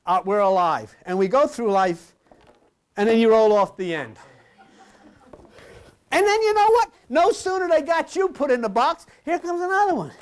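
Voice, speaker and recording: Animated folksy older preacher. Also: male voice, moderate pace, long pauses. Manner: folksy, animated, jokey, swings between loud asides and low murmurs. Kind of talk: sermon to a live congregation.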